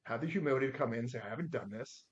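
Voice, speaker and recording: A man's voice: mid-range voice, very fast. Guy in his 40s telling business stories, does the voices, kinda dull lo-fi sound. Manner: animated storyteller acting out his own quotes. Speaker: guest. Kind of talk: storytelling in a podcast interview.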